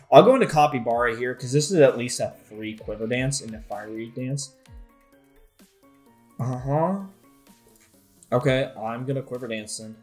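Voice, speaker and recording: A man commentating his own competitive video game match, excitable, with frequent swearing and frustrated outbursts. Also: mid-range voice. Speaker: gaming YouTuber.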